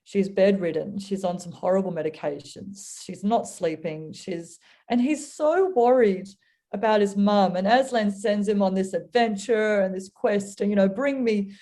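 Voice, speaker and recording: A woman's voice: medium pitch, normal speed, mellow. A woman speaking as a guest in a faith conversation, telling a story earnestly and acting out little voices as she goes.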